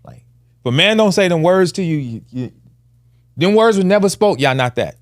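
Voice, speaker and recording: A man's voice: high-pitched, expressive, normal speed, no room sound, clean studio sound. A man in his forties, a podcast co-host, telling a personal family story in casual with earnest emphasis. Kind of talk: candid conversational storytelling.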